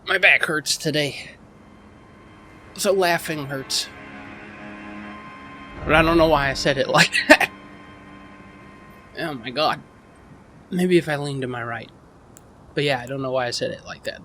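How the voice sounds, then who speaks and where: A man's voice: a little high, unhurried, pauses often, sharp tone, faint music behind. A man giving casual, rambling commentary while playing a game, mocking himself and swearing freely as he goes. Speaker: gaming channel host.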